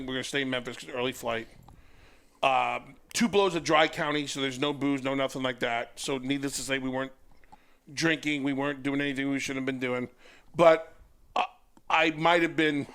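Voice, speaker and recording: A middle-aged man, a former wrestler, telling a story in casual chat and acting out the voices of the people in it. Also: mid-range voice. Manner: animated storyteller who acts out voices. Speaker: podcast guest, former wrestler.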